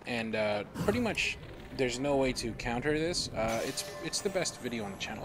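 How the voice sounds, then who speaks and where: A man's voice: medium pitch, very animated, normal speed, background noise. A young adult man giving casual let's-play commentary, playful and silly, talking to himself and to his chat. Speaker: game streamer.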